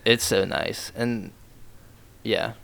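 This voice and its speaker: Gravelly, low-voiced young man chatting. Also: drawn-out words, a bit bright, dry recording. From Ohio. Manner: laid-back, rambling slang with lots of "like" and "dude". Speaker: podcast co-host. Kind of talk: casual chat.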